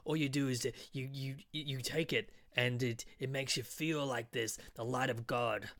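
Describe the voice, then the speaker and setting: A man voicing a shifty, short, hobbling male street peddler who pitches in wheedling salesman patter and calls the listener sire. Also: steady tone, normal speed, fairly bright tone, no room sound, studio quality, natural voice.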